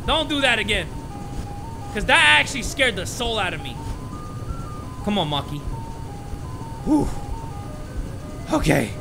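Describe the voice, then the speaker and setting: Young male gaming host, high lively voice, joking, turns nervous; game music behind. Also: measured pace, vocal fry, long pauses. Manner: jokey and excitable, drops to nervous mutters when scared. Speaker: gaming YouTuber. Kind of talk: casual horror game commentary.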